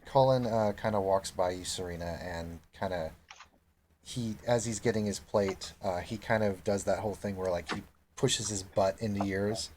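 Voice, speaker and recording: A man running a tabletop game who narrates hesitantly, with plenty of "kinda" and "uh". His voice sits low, with faint noise in the background. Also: fairly even intonation, normal speed, a little mellow. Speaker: game master.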